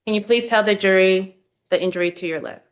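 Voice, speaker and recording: A woman prosecutor questioning a witness in a courtroom, formal and measured. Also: medium pitch, fairly even intonation. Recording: echoey courtroom.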